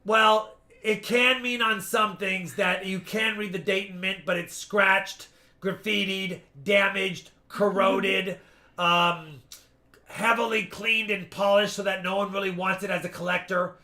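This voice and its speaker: A man hosting a live-stream coin auction, explaining each lot at length with quick asides. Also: high-pitched, fairly even intonation, sharp tone. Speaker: coin seller and stream host.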